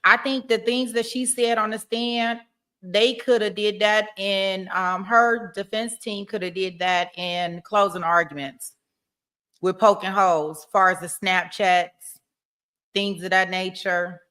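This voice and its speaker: A woman's voice: mid-range voice, fairly even intonation, a little slow, a bit bright. A woman hosting a casual live stream, chatting about a court case and reading viewer comments, laughing often and repeating herself. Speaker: livestream host.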